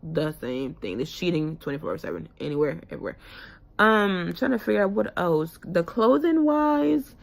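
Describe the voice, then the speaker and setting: Young woman vlogger from West Africa, low gravelly voice, frank rambling chat. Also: expressive, normal speed. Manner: chatty, rambling, frank, with slang fillers. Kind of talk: casual chat to camera.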